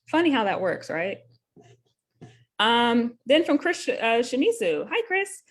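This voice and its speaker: A woman's voice: on the high side, very animated, slow. A woman hosting a live talk show as a nurse, explaining a bill in an earnest, conversational way with many fillers and self-corrections. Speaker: host and nurse.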